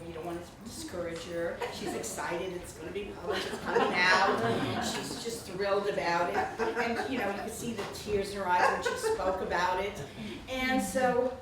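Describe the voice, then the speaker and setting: A woman's voice: mid-range voice, normal speed, few pauses, over a noisy crowd. Older woman chatting away, laughing a lot, echoey room, mic far off. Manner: warm, chatty, laughs often. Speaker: speaker introducing the author. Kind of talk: casual spoken introduction at a book event. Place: indoor reception room.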